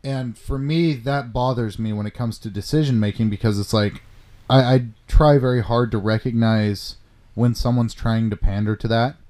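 A man talks politics in a loose, blunt rant, firing off rhetorical questions and curse words. His voice is dark and mellow, sitting at an ordinary middle pitch. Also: fairly even intonation, moderate pace. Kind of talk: casual political chat.

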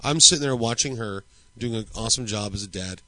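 A man's voice: on the low side, brisk, sharp tone, no echo, rough recording. A man in his thirties, a podcast co-host, telling a story in crude, joking casual chat.

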